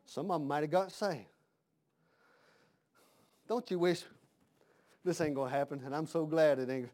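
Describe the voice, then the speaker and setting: High-voiced folksy preacher man. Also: fairly even intonation, moderate pace, darkish tone. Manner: folksy, conversational, with rhetorical questions. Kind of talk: sermon.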